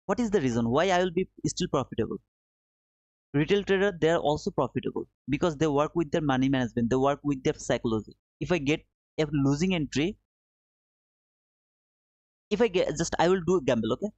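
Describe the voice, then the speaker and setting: A man whose isn't teaches a live trading lesson in a slightly high voice. He circles back on his points and coaxes his viewers. The audio is dry and somewhat dull, like a lo-fi stream. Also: animated, fairly quick, darkish tone, dry recording. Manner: repetitive, coaxing, addresses viewers as brother. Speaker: trading livestream host.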